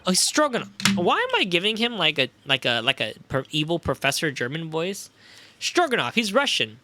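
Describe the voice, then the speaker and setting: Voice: mid-range voice, huge pitch swings, a little fast, background noise. Chaotic, self-mocking game streamer. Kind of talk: livestream game playthrough commentary.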